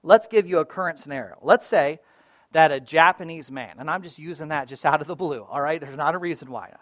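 A man preaching a sermon as a pastor, casual and conversational, often checking in with "right?" and moving between loud emphasis and quiet asides. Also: on the high side, a little fast, no room sound, studio quality.

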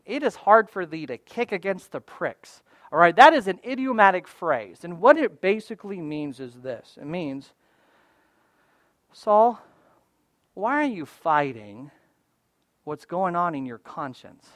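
Guy preaching with a high voice, punches and repeats key lines, goes loud then real quiet, dry close sound. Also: no echo. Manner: emphatic, repeats key phrases for stress; swings from loud to hushed. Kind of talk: sermon.

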